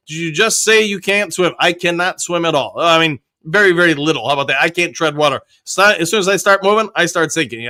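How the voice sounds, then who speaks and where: A man's voice: high voice, bright, forceful tone, dry recording. A man from Michigan hosting a live fan show, reading viewers' chat messages aloud and answering them. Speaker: host.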